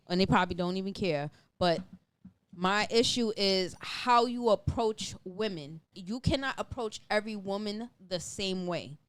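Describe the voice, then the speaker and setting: A woman's voice: mid-range voice, a bit bright, dry recording. A middle-aged woman co-hosting a podcast, talking bluntly and emphatically with plenty of profanity. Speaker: podcast co-host. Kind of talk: casual opinionated chat.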